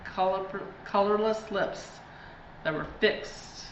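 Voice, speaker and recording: A woman reading a spooky children's storybook aloud in a deliberate, dramatic way. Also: medium pitch, steady tone. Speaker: reader. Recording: distant, echoey, dull, faint hiss.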